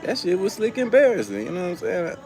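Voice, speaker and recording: A young man hosts a laid-back outdoor livestream, telling stories in loose slang and chatting with his viewers while music plays loudly behind him. His high voice swoops wildly in pitch, and he speaks fast.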